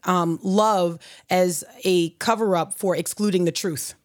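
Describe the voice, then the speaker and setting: A woman hosting a podcast, chatty and bubbly and quick to laugh. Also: on the low side, fairly even intonation. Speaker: podcast host. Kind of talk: podcast interview.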